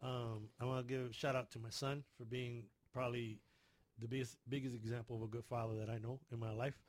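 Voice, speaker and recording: A middle-aged man talking casually on a podcast, rambling and stumbling over repeated words. His voice sits at an ordinary pitch. The sound is dry and close, with no room echo. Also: little pitch movement, fast. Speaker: podcast host. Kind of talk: casual chat.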